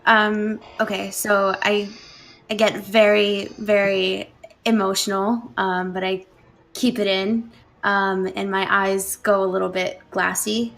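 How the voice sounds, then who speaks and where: A woman's voice: medium pitch, level tone, takes it slowly, gravelly, fairly bright tone, poor audio. A woman playing in a tabletop game, describing her character's actions hesitantly with many fillers. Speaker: player.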